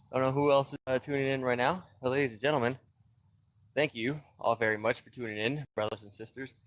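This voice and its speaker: A man's voice: mid-range voice, fairly bright tone, slight background noise. A man livestreaming a car repair from his backyard, talking loosely to viewers while winded. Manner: loose, rambling, greets viewers by name. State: out of breath. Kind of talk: casual livestream chat. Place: backyard, outdoors.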